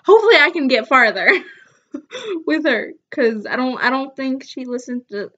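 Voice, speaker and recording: A woman's voice: sits high, expressive, moderate pace, fairly bright tone, highs cut off. A young woman vlogging casually, giggling often as she reads her text messages aloud. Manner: giggly, laughs often while reading texts aloud. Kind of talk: casual vlog narration.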